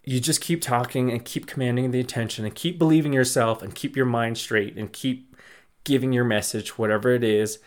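Man, young adult, low-pitched, casual motivational talk, rambling, encouraging. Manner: rambling, encouraging, many fillers. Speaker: podcast host.

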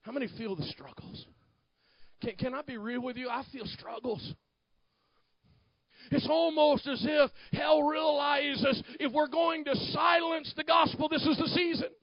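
A male pastor with a very high voice preaches a fiery sermon, swinging from quiet, intimate asides to shouted declarations. His intonation is fairly even and his pace unhurried, and the dry, slightly dull sound has no echo.

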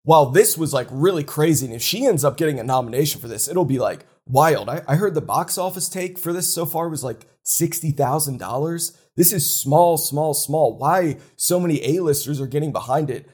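A man with a slightly high, husky voice talks fast and animated. He is opinionated and worked up in a playful way. It is a casual chat with a co-host.

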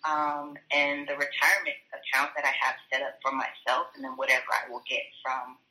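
A woman's voice: very deep voice, flat delivery, fairly quick, bright, forceful tone, roomy sound, poor audio. A woman giving casual, emphatic money advice in a slangy, encouraging way.

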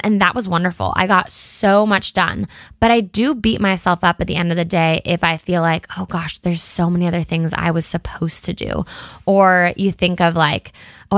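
A woman's voice: on the low side, fairly bright tone, no room sound. Chatty woman, dry close sound. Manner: chatty, candid, with many fillers and self-quotes. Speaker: podcast host and blogger. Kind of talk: casual solo chat.

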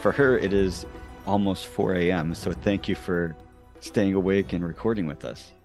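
A man co-hosting a casual podcast, who asks questions in an earnest, halting way. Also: low voice, a little mellow, faint music behind. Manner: earnest, halting, full of fillers. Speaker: podcast co-host.

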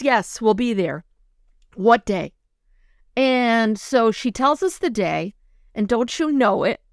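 Middle-aged woman, lively storyteller, mid-pitched voice, dry close sound. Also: clean tone, no echo. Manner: animated storytelling, gets emotional. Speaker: co-host. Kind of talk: casual chat.

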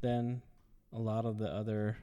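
A man co-hosting a casual whiskey tasting podcast, easygoing and quick to laugh. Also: on the low side, monotone, dark tone, dry recording. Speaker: podcast co-host.

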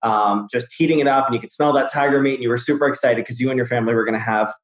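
A man therapist in casual conversation, explaining ideas at length through relaxed storytelling. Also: medium pitch, very fast. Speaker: therapist, host. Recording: roomy echo.

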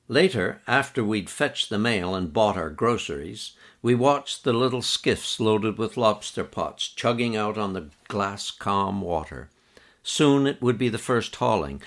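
A man narrating a memoir in an even, measured storytelling manner. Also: on the low side. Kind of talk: reading a memoir aloud.

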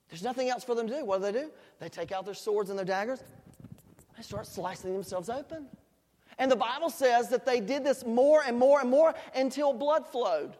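Animated preacher in an echoey hall. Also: mid-range voice, moderate pace. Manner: animated, swinging between loud shouts and quiet asides; playful, joking storytelling. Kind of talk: sermon.

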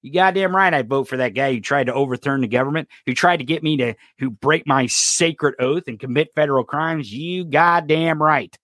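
A man's voice: fairly high pitch, normal speed, hardly any pauses, a bit bright, no echo, studio quality, natural voice. A man mockingly putting on a gloating, cowardly male politician with exaggerated bravado.

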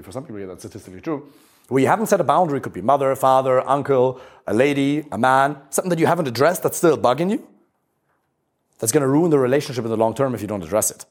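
A man coaching a live group on relationships, talking bluntly, swearing freely and stressing his points with energy. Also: mid-range voice. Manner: blunt, swears freely, lively emphatic delivery.

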